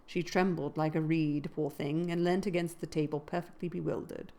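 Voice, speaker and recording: A woman reading a classic novel aloud in a measured narrating voice that grows louder at dramatic moments. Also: sits low, fairly even intonation. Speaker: reader.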